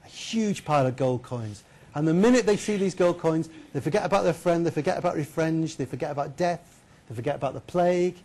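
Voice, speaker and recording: Man, keynote lecturer, lively chatty storyteller, slightly high voice. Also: brisk. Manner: lively, chatty, asks the audience questions. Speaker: keynote speaker. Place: lecture hall.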